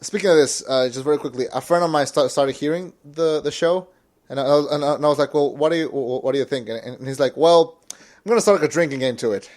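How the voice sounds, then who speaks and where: A man chats about movies on a casual podcast, stumbling over his words with constant restarts. He gets excitable easily, and his voice sits a touch higher than most men's. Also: fast. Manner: excitable, stammers and repeats words. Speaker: podcast co-host.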